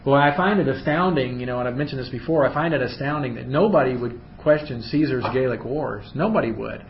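A man leading a Bible study who reads scripture aloud and then explains it in loose, chatty asides. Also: brisk. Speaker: Bible teacher. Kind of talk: conversational Bible study teaching. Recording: roomy, dull recording with faint rumble.

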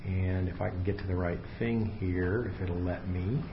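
A man leading a casual Bible study, explaining the text in a relaxed, unscripted way full of fillers and restarts, to a small group in a room. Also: sits low, normal speed, background noise. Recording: roomy, slightly dull room recording.

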